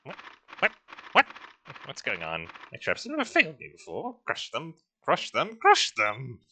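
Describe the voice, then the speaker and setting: A woman's voice: low-pitched, wildly swooping pitch, normal speed, bright, forceful tone, breathy edge, dry recording, exaggerated voice. A woman voicing a gloating, scheming male villain during a game playthrough, theatrical and shifting between sneers and panic. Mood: panicked. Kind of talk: voicing game dialogue during a let's-play.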